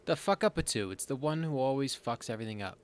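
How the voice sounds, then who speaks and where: A man's voice: mid-range voice, fast talker, darkish tone, slight background noise. A man hosting a let's play, joking sardonically and reading his character's lines aloud. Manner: sardonic, joking, swears casually. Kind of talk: game commentary and reading dialogue aloud.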